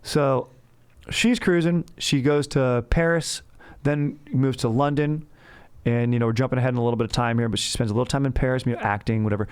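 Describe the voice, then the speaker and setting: A man's voice: medium pitch, fairly even intonation, fairly quick, darkish tone, clean tone. A man hosting a comedy history podcast, telling the story in a rambling, slangy way. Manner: rambling, slangy, laughs at his own jokes. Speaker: podcast host.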